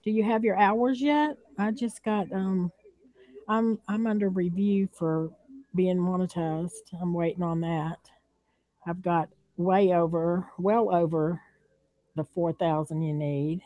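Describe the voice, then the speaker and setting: Southern woman with a low, mellow voice. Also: fairly even intonation, slow pace, no room sound, highs cut off. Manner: chatty, drawling, laughs often. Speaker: livestream host. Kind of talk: casual livestream chat. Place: home.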